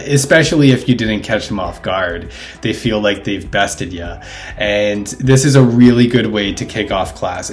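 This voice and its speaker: A man who teaches English, sharing classroom activity tips in a relaxed, casual way, with frequent ums and uhs. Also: medium pitch.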